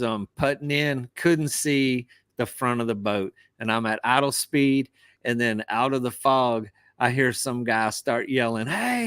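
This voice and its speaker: A man with an average pitch gives plain cautionary advice to other anglers. He tells his boating stories in a casual podcast chat over a remote call. The sound is dry and close. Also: fairly bright tone, clear, resonant tone, no room sound. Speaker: fishing captain, podcast co-host. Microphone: remote call over wifi.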